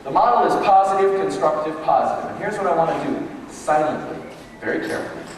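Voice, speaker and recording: A man giving a motivational leadership workshop, telling stories in an animated way and acting out the quotes himself, recorded from far off in an echoey room. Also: on the high side, fast, slight background noise. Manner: animated storytelling, acts out quotes. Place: large room with tables, echoey. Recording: echoey hall from far off, faint ambience.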